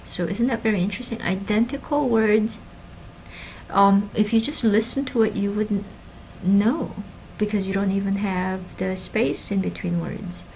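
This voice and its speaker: A woman teaching a linguistics class, stressing example words with energy and dropping into quiet asides. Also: mid-range voice, steady tone, unhurried, vocal fry, slight background noise, poor audio. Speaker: linguistics lecturer. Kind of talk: recorded classroom lecture.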